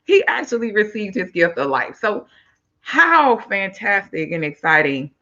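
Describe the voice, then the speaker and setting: An upbeat, chatty woman hosts a live-stream talk show and speaks directly to her audience. Her voice sits in a middle pitch. The sound is dull and lo-fi. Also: sing-song, measured pace, bright, forceful tone.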